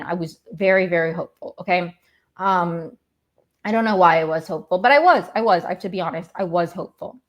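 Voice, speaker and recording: A woman's voice: lowish voice, lively intonation, fast. A woman hosting a podcast, recapping a reality show in a casual, rambling, exasperated way and often going off on tangents. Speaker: podcast host.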